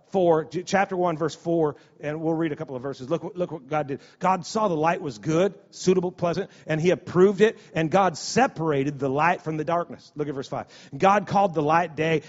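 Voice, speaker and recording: A male pastor preaching a sermon in a conversational, repetitive way, often restarting his sentences. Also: fairly high pitch. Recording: dull sound with long hall reverb.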